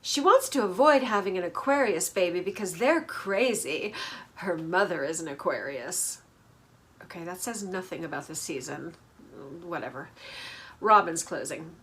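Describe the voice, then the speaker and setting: A woman's voice: lowish voice, expressive, moderate pace, fairly bright tone, a little hiss or hum. A woman hosting a casual reality TV recap, snarky and gossipy, laughing at the drama.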